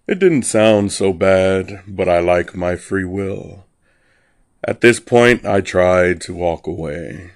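A man narrating a dark first-person story in a wry, deadpan way. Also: low-pitched, slow pace, dry recording, studio quality.

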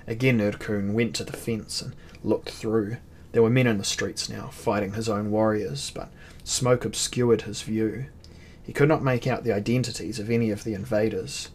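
Male audiobook narrator, lowish voice, measured dramatic reading, faint noise. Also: darkish tone.

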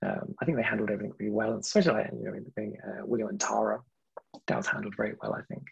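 A man with a gravelly, husky voice talks quickly and loosely, piling up "like" and "you know" as he circles his point. He hedges his opinions and breaks into laughter often. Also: lowish voice, steady tone, lo-fi sound. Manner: rambling, hedging, laughs often. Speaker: podcast guest. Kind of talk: casual chat.

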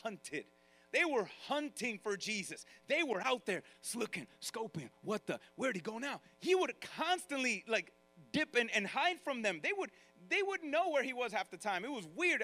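A male pastor preaching with a strikingly high voice. His tone is bright and forceful. He talks straight to his listeners and briefly acts out other people's voices to make his points. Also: sing-song, normal speed, soft background music. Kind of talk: sermon.

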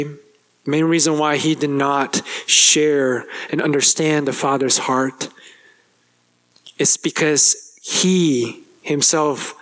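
A man preaching a sermon as pastor, speaking straight to the congregation and acting out a character's complaint with a rising voice. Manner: animated, acts out the older brother's complaint with rising pitch; addresses the congregation directly, asks questions.

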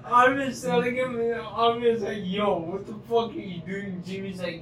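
A man's voice: sits high, steady tone, normal speed, hardly any pauses, fairly bright tone. A man who is a regular on a podcast, telling his side of a story in a blunt way and swearing often. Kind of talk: casual chat. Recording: echoey room with clear noise, far mic.

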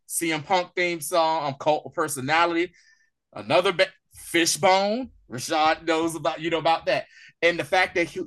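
A man in casual review-chat mode, his voice sitting a bit high for a man. He talks in loose, rambling runs with fillers and often jumps up into excited, laughing impressions of the characters. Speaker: podcast co-host.

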